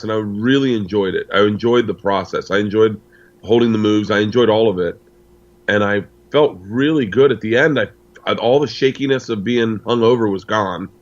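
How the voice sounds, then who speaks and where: A man's voice: on the low side, highs cut off. A middle-aged man from the United States, a comedian guest telling a long personal story and acting out the dialogue. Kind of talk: storytelling in casual interview.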